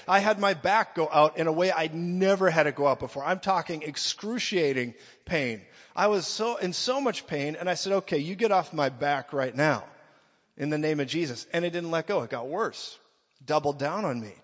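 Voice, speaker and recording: Male preacher, fairly high voice, animated sermon delivery, muffled sound with a long hall echo. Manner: animated, swings from quiet to shouting.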